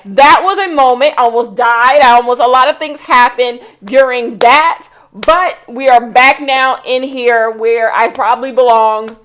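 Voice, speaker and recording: A woman's voice: a little high, a bit bright. A young woman giving casual commentary indoors, chatty and rambling with plenty of "like"s. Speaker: vlogger. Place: indoors at home.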